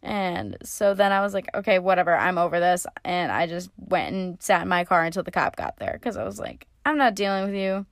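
A woman's voice: on the low side, brisk, few pauses, dry recording, studio quality. A young woman casually telling a story in a chatty, sarcastic way, swearing freely. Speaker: vlogger.

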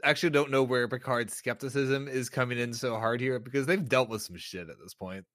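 A man's voice: mid-range voice, fairly quick, fairly bright tone, no room sound. Casual laughing man, dry sound. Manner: casual, laughing, swearing, questioning. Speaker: podcast co-host. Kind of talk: casual chat.

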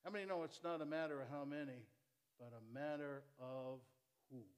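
A man preaching with a slightly high-set voice. His delivery is animated, leaping from loud bursts to hushed asides, and he jokes easily with his congregation. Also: a little fast. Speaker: pastor. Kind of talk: sermon.

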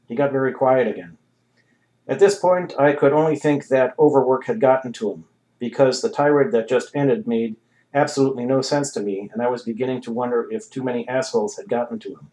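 A man narrating a comic novel in a wry, deadpan reading. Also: medium pitch, a little fast, poor audio. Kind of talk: audiobook reading.

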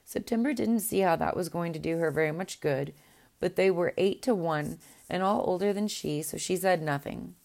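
Gentle woman reading a storybook aloud. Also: lowish voice, vocal fry. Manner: gentle, unhurried reading with small restarts.

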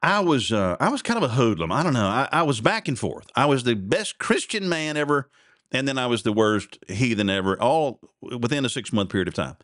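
A man's voice: mid-range voice, big pitch swings, fairly quick, fairly bright tone, no room sound, studio quality. A man, hosting a podcast and telling a rambling personal story in a self-deprecating, chuckling way. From Oklahoma. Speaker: podcast host.

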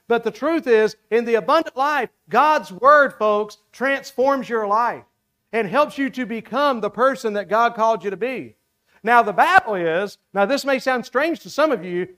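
A man's voice: extremely high pitch, fairly bright tone, clear, resonant tone. A male pastor with a Southern American accent preaching a sermon, emphatic and repetitive, with folksy asides to his congregation.

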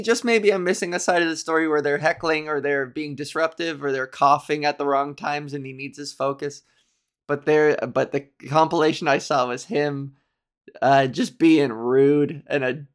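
A woman with a deep voice, speaking a little slowly, hosts a solo podcast. She chats casually, rambling and joking, her talk full of ums and self-corrections.

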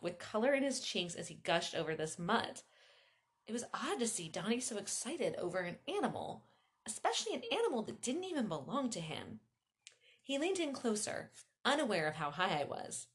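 A woman host telling a first-person story, animated, breaking off into chatty asides. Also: on the low side.

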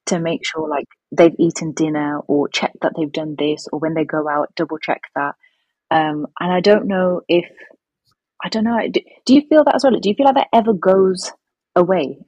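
A woman's voice: low voice, steady tone, moderate pace, a little mellow, breathy edge, no echo, rough recording. A young woman from England chatting casually as a podcast guest, hesitant with many ums and restarts. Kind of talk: casual conversation.

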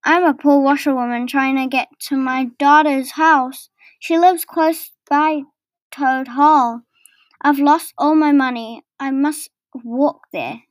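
A woman's voice: high voice, steady tone, slow, no echo. A woman voicing a vain, boastful male toad in a storybook reading, in a raised, livelier voice. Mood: pleading. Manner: conceited, boasting.

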